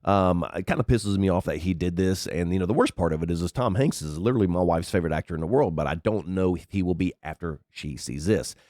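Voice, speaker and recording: Deep-voiced, congested man rambling. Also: fast talker, few pauses, a little mellow, no echo, studio quality. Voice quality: unusually deep from a cold. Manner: rambling, chatty, swears freely. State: sick, congested with sniffles. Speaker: podcast host. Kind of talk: casual commentary monologue. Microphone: headset.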